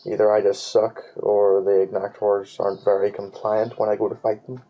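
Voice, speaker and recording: Low, muffled gaming commentator, man. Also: flat delivery, moderate pace. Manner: rambling, swears a lot, hums nonsense tunes. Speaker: let's play gamer.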